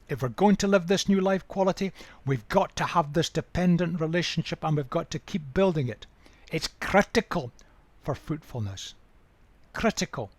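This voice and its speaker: A man's voice: high-pitched, no room sound. Emphatic older man teaching scripture. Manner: measured, emphatic, repeats key words. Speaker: Bible teacher. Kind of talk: Bible study lecture.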